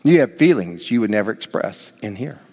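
A man preaching a sermon as pastor, swinging from soft, low passages up to near shouts. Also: very animated, fairly quick. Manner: dynamic preaching, rising to near shouts then dropping soft. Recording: long hall reverb.

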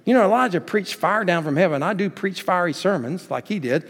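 A preacher playing a prophet who acts humble but fishes for praise, hesitating and fawning. The voice rises well above his normal pitch, and it rings out in a reverberant hall. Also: expressive, a little fast. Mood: mock-humble. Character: falsely modest prophet fishing for praise.

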